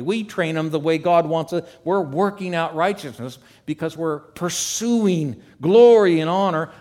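A male pastor preaching a sermon in a church room, swinging between loud, emphatic stretches and quiet asides, and slowing down to read scripture deliberately. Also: high voice. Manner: reads scripture slowly and deliberately.

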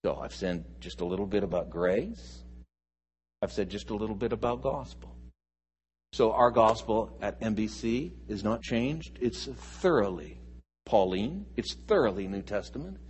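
This husky, lower-voiced man preaches as a pastor, going over key phrases slowly and repeatedly. His delivery drops from forceful, loud declarations to quiet, almost whispered words.

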